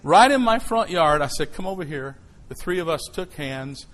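A middle-aged man preaching a sermon, telling a personal story in an animated way that swings from hushed lines to shouts. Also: on the high side, moderate pace, a little hiss or hum, rough recording.

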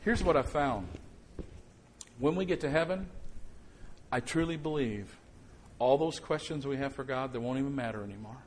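A middle-aged male pastor preaching a conversational sermon, swinging between quiet reflection and sudden loud outbursts. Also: medium pitch, moderate pace, a little hiss or hum.

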